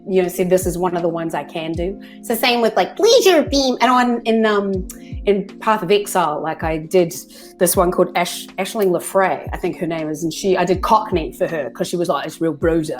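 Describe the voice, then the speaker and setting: A woman's voice: fairly low pitch, lively intonation, brisk, soft background music. A woman, chatting as a guest voice actress on a video-call interview, laughing often.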